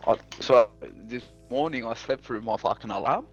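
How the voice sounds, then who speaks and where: A man's voice: mid-range voice, moderate pace, muffled recording. A young man with an Australian accent tells a story in blunt, casual speech, swearing almost every line. A little music plays faintly in the background. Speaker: streamer.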